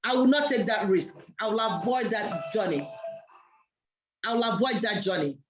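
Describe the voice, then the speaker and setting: A woman's voice: medium pitch, expressive, moderate pace, dull audio, music in the background. A woman on a casual discussion panel, talking hesitantly, repeating herself and laughing nervously.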